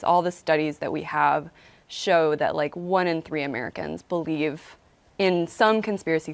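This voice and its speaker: Woman journalist talking it through calmly, lowish voice, dry close sound, lots of "like" and "um". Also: no echo. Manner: measured, conversational, with fillers. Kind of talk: interview answer.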